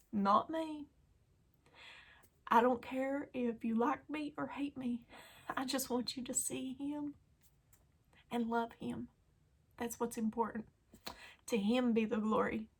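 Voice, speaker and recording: A woman hosting a daily devotional video, talking earnestly and emotionally to her viewers and often dropping to a soft whisper. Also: a little high, steady tone, takes it slowly, pauses often, slightly rough. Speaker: Christian YouTube devotional host.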